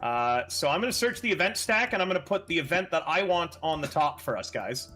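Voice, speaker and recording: A man playing a board game on a live stream, reading cards aloud and briskly explaining the rules to the others. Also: on the high side, animated, sharp tone, soft background music.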